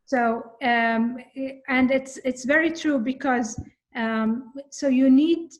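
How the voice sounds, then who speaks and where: A woman in casual conversation, talking earnestly and thoughtfully, often pausing on fillers. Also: high voice. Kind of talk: casual conversation about coping with anxiety.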